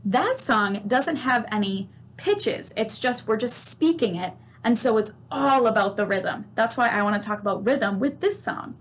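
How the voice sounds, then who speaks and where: A woman's voice: fairly high pitch, animated, normal speed, a little hiss or hum. A woman teaching a children's music lesson, patient and encouraging, asking questions and singing and chanting examples. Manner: sings note names and chants.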